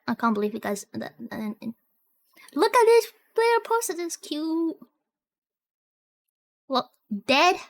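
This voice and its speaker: A woman streamer chatting casually while reacting to videos, excitable and giggly, often trailing off and repeating herself. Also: high voice, takes it slowly, long pauses.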